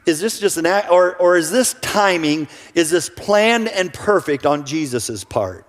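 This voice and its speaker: A man's voice: on the high side, a little slow. A male pastor giving an earnest sermon who often repeats his first words when starting a sentence. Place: church sanctuary. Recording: church hall reverb.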